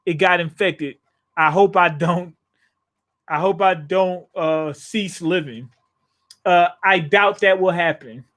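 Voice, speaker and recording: A man's voice: high voice, slow pace, a bit bright. A man hosting a casual live reaction to a comic chapter, rambling with jokey asides and many restarts. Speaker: manga reaction channel host.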